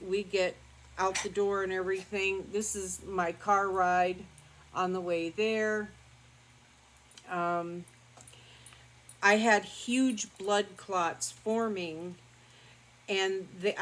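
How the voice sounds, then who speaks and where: An older woman vlogger telling a personal story in a calm, rambling, matter-of-fact way with many fillers. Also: medium pitch, a little hiss or hum, rough recording. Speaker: beauty vlogger. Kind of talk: casual storytelling to camera.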